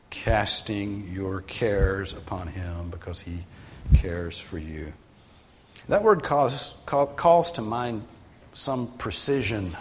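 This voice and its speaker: A male pastor giving a sermon in a conversational way, sometimes rising for emphasis and then dropping low. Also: a little hiss or hum. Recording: long hall reverb.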